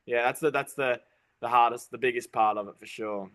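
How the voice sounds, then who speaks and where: A man's voice: medium pitch, fairly even intonation, fairly bright tone. A man from Australia with a toned-down Australian accent, a tradesman guest chatting casually and stopping and restarting his sentences often. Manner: halting, stop-start, many false starts. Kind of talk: casual interview chat.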